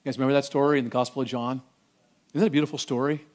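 A middle-aged man preaching a sermon, acting out voices and swinging from loud declarations to hushed, tender lines. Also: medium pitch, level tone, very fast. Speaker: pastor.

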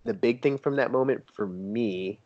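Male guest, casual chat, eager storyteller, animated quoted voices, muffled lo-fi recording. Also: medium pitch, normal speed. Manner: enthusiastic storyteller who quotes others in a lively, raised voice. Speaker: toy photographer guest. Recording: dull lo-fi sound.

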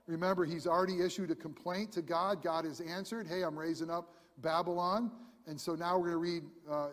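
A man preaching a sermon as pastor, animated, acting out voices in his storytelling. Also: fairly high pitch, fairly quick. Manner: animated, acts out prophet and God in voices. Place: church sanctuary. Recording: long reverb in a large room.

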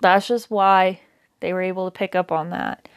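A woman's voice: fairly low pitch, fairly even intonation, normal speed. A woman teaching a daily Bible reading in a casual, conversational way, with many fillers and self-corrections. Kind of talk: casual Bible study talk.

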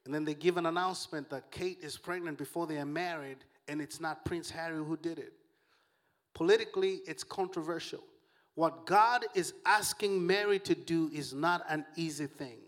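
A man preaching a sermon as pastor, animated and joking, calling out to his congregation. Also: a little high.

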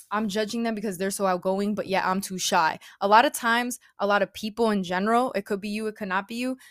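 A woman's voice: mid-range voice, clear, resonant tone, no echo, studio quality. A woman giving a casual, chatty spiritual talk, retelling a parable in an informal way. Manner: chatty, informal, frequent "like" and "bro". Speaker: spiritual speaker.

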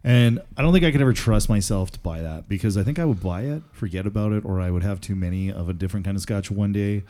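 A man's voice: lowish voice, quick pace, dark tone. A man hosting a podcast in casual chat, joking and rambling with fillers. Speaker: podcast host.

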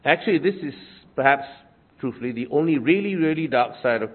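A man's voice: medium pitch, expressive, fairly quick. Man preaching, coughing from a cold, tinny sound. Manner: wry, self-deprecating humor with conversational asides. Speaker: pastor. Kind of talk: sermon. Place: church. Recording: tinny phone-like sermon recording.

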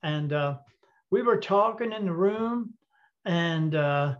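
A man telling a story as an interview guest, animated and acting out the dialogue, with frequent fillers. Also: on the high side, slow. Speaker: interview guest, intuitive reader. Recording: dull lo-fi audio.

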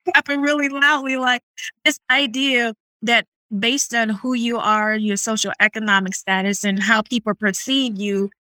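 A woman's voice: on the high side, fairly even intonation, a little slow, dry recording. Encouraging woman podcast host, dry mic. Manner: warm encouraging, faith-centered affirmations. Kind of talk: faith podcast interview.

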